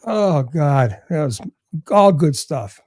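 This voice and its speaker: An older man from Massachusetts, a podcast guest chatting casually, telling stories with lively acted-out lines and plenty of swearing. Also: on the high side, takes it slowly, no room sound, clean studio sound. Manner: animated storyteller who acts out other people's lines and swears freely.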